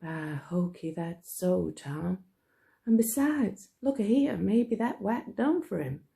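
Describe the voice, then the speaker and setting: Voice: mid-range voice, animated, takes it slowly, gravelly, mellow, voice pushed up. A teacher reading aloud, voicing a blunt, streetwise boy in a put-on American drawl. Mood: grim. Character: ragged boy Huck Finn, blunt, streetwise.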